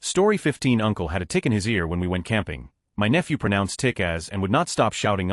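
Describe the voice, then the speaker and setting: A man reading short online stories aloud as scripted narration, with a flat delivery that lifts at each story heading. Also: low voice, fast talker, hardly any pauses, dry recording, clean studio sound.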